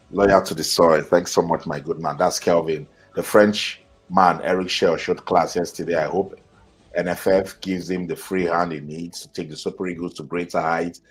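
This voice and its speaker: In a rumbling low voice with a breathy edge, a Nigerian-accented football channel host reads out viewer comments on a live stream, responding to them in a conversational, chatty style.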